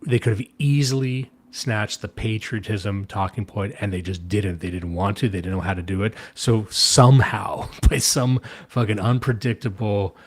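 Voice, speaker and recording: A man's voice: lowish voice, steady tone. A man from Canada hosting a stream, rambling and swearing through casual political chat. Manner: rambling, sweary, quick to laugh. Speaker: stream host.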